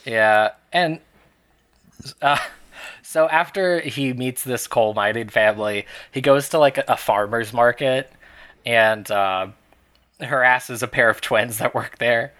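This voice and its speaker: A man's voice: mid-range voice, slow pace, a bit bright. A man co-hosting a casual podcast, recapping a movie in a wry, rambling way and laughing often. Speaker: podcast co-host.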